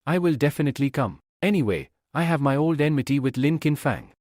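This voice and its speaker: A man's voice: a little high, lively intonation, fairly quick, darkish tone, no room sound, clean studio sound, voice pushed up, natural voice. A man voicing a confident young male alchemist hero in a comic story, casual and self-assured.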